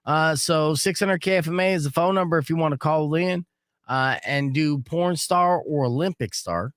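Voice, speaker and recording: A man hosting a radio morning show, telling stories casually in a joking, animated way and running a call-in game. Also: on the high side, moderate pace, clean tone, no room sound, studio quality. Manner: animated, joking, acts out quoted voices. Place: radio studio. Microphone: studio microphone.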